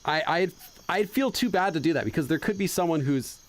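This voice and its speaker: A man's voice: a little high, animated, a little fast. A man hosting a casual let's-play, translating game dialogue aloud and laughing as he loses his train of thought. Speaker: gaming channel host.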